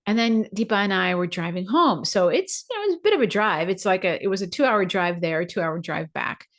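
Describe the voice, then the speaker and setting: A woman's voice: mid-range voice, lively intonation, brisk, fairly bright tone. A woman hosting a podcast, telling a personal story in a conversational way, acting out her own thoughts as quoted asides. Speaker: podcast host.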